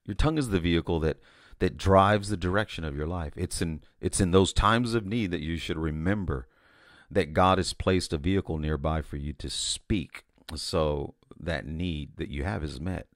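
Guy with a really low voice giving a chatty sermon, dry close sound. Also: moderate pace, no echo. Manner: conversational, repeats words and restarts, says "you know" often. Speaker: preacher sharing a vision. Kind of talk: informal sermon to camera.

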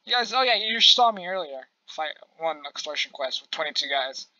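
In lo-fi audio, a gameplay channel host speaks with a mid-range voice that's expressive, pushed and bright. Their casual let's-play commentary is aimed directly at viewers, quick to exasperation and full of profanity.

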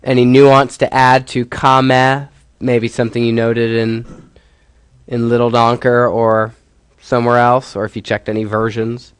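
A man's voice: medium pitch, little pitch movement, unhurried, clear, resonant tone, no room sound. A male professor giving a classroom lecture, explaining step by step and putting questions to his students.

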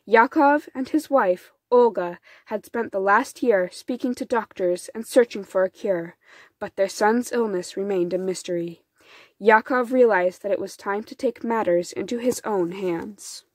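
A woman reading a folktale storybook aloud in an unhurried, soft storytelling manner. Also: mid-range voice, dry recording. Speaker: storybook reader. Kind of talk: children's storybook narration.

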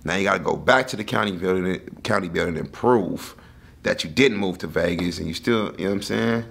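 Gravelly husky man hosting a podcast. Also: deep voice, fairly quick, fairly bright tone. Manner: blunt, laughs often, reacts to the guest. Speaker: podcast host. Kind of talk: casual podcast chat.

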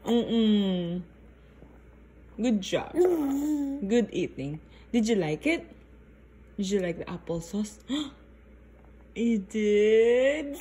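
A woman's voice: fairly high pitch, dark tone, a little hiss or hum. A young mother talking to her baby at home over lunch, in sing-song baby talk with frequent laughter. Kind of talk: baby talk while feeding.

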